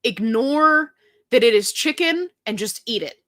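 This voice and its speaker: A woman's voice: a little high, measured pace. Chatty woman hosting a live Q&A. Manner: chatty and animated, reads comments aloud, breaks into silly sung bits. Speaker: livestream host answering viewer questions. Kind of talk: casual live Q&A chat.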